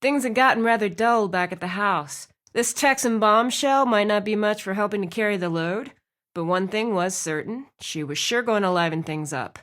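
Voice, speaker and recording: A woman reading a romance audiobook aloud, with expressive narration. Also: medium pitch, normal speed. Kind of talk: scripted narration.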